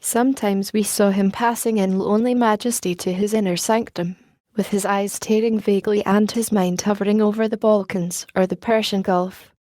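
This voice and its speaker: A woman narrating an audiobook in a warm, mellow voice. Her delivery is measured and even, recorded close and dry with no room sound. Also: mid-range voice, no room sound.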